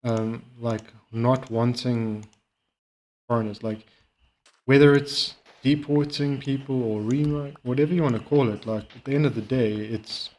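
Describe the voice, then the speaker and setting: A man chatting casually while playing a game and reacting to a video, rambling and halting with many fillers. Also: medium pitch, a little mellow. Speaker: streamer. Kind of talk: casual gaming commentary.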